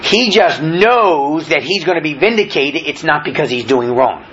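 A man's voice: a little high, lively intonation, moderate pace, fairly bright tone. A man preaching verse by verse, reading scripture aloud and then explaining it in plain words, with frequent fillers and restarts. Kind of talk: verse-by-verse Bible teaching. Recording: dull lo-fi recording with faint noise.

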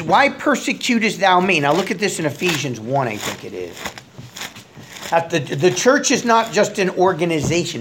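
Lively middle-aged man preaching. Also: mid-range voice, slight background noise. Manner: conversational, lively, reads scripture with rising emphasis. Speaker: pastor. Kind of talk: Bible study sermon.

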